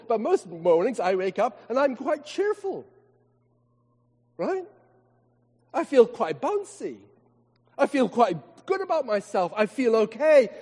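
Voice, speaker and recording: Vicar preaching in a reverberant church. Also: male voice, high voice, darkish tone. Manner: emphatic, rhetorical questions, slows for emphasis. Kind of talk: sermon. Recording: long hall reverb.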